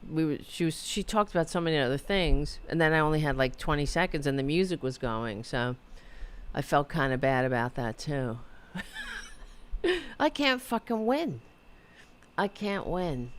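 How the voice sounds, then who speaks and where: A middle-aged woman hosting her own talk show from her apartment, rambling and self-deprecating, reading chat messages aloud. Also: sits low. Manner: reads viewer chat aloud. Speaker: podcast host.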